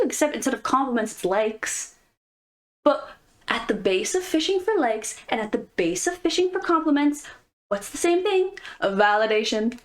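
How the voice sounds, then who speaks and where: A woman's voice: a little high, sing-song, moderate pace. A woman vlogger giving casual, playful commentary with jokes and asides. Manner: playful, jokey, conversational.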